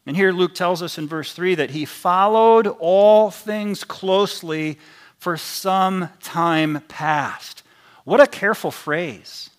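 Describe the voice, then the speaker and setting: A man's voice: sits high, a bit bright. A man preaching a sermon in an earnest, emphatic way, his intensity rising and falling as he teaches. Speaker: pastor.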